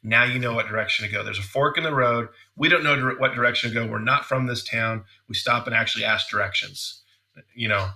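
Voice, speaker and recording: A middle-aged man coaching dental teams in a training seminar, energetic and repeating words as he acts out example questions. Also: medium pitch, fast talker.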